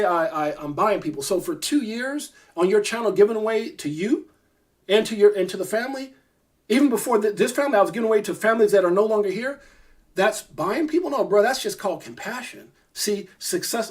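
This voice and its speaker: A man, a crypto YouTuber, ranting to camera, irritated, emphatic and repetitive. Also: high-pitched. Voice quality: fast, emphatic, repeats himself. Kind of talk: heated rant to camera.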